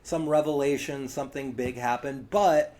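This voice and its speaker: A man's voice: mid-range voice, fairly even intonation, normal speed, a little mellow. A man co-hosting a podcast, talking casually about shows he watches, with lots of yeahs and you-knows. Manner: chatty, lots of "yeah" and "you know" fillers. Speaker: podcast co-host. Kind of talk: casual chat.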